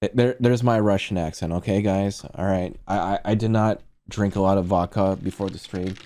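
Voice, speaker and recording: A man's voice: low-pitched, fairly even intonation, normal speed, mellow. A man streaming casual movie reviews, rambling and profane as he talks to his chat.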